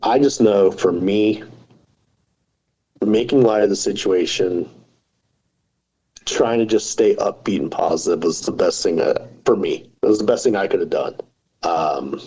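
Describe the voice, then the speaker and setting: A man's voice: lowish voice, mellow, husky, poor audio. A man in his forties, a podcast guest, talking casually and telling self-deprecating jokes. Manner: joking, self-deprecating storyteller. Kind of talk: casual interview talk.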